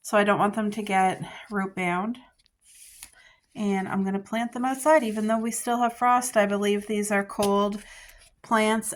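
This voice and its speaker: A woman's voice: medium pitch, fairly bright tone, slight background noise. A woman vlogger chatting casually to the camera, gushing and enthusiastic about her finds and her garden. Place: garden outdoors.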